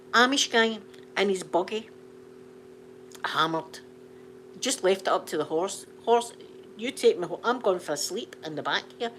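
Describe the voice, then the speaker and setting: A Scottish woman telling funny stories in an animated, repetitive way, laughing along as she talks. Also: mid-range voice, slight background noise. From Scotland. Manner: animated, laughing, repeats phrases for comic effect. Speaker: channel host. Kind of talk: casual storytelling chat.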